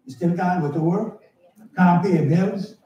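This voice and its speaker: Pastor guy preaching, real high voice, swings up and down, echoey church from far off. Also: moderate pace, muffled recording. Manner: animated, shouting at times, storytelling with acted dialogue. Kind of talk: sermon. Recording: echoey church hall, mic at a distance. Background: congregation answering.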